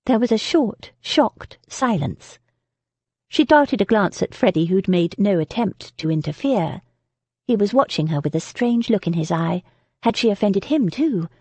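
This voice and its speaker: Breathy, lively woman narrator. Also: medium pitch, measured pace, no echo. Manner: expressive, lively reading. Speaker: audiobook narrator. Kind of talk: scripted narration.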